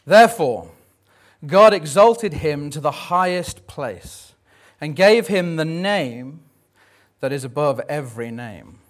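A man's voice: on the high side, expressive, slow pace. A man in his thirties preaching a Sunday sermon, conversational and jokey, with frequent ums. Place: church service.

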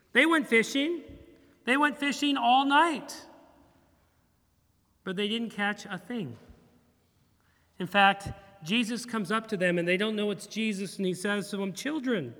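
High, bright-voiced male pastor preaching. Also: big-room sound. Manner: animated and humorous, acting out dialogue. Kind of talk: sermon. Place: church sanctuary.

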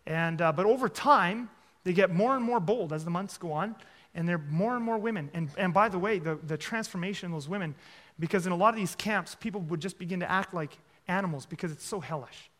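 A man's voice: high-pitched, fairly quick, a bit bright. A man preaching a sermon and telling a story, with frequent "okay?" asides and playful mockery.

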